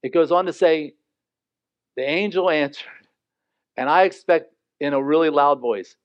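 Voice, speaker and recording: Male pastor, lively, joking sermon voice, fairly high, in a dull, dry recording. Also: moderate pace, no room sound. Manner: animated, joking, acts out the characters. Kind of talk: sermon, verse-by-verse Bible teaching.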